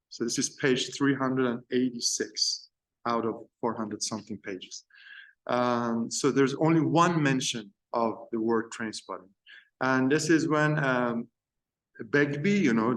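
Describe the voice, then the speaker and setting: A man giving an informal lecture on film to a university class. He speaks at an ordinary middle pitch, pausing often and searching for words between his points. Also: a bit bright.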